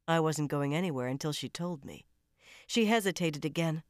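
A low-voiced woman reading a first-person thriller aloud, tense and dramatic. Her delivery is close and controlled. The recording is very dry, with no room sound. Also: normal speed, no echo. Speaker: audiobook narrator. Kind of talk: first-person audiobook narration.

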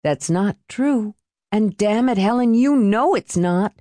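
A woman voicing a desperate, furious young mother who is bitter, confrontational and quick to curse, in an audiobook reading. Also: medium pitch, expressive, dark tone, dry recording, pitched above the performer's own voice. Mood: demanding.

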